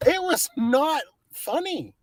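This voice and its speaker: A man guesting on a casual show, talking with animated emphasis. His voice sits high for a man, and the recording is dry and close with no room sound. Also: slow, no echo. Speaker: guest co-host.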